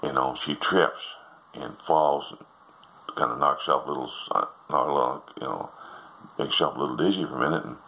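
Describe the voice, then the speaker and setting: A man's voice: rumbling low, fairly quick, pushed and bright, low-quality recording. An older man telling jokes in a folksy, meandering way, drifting into asides as he goes. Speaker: joke teller. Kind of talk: rambling joke telling.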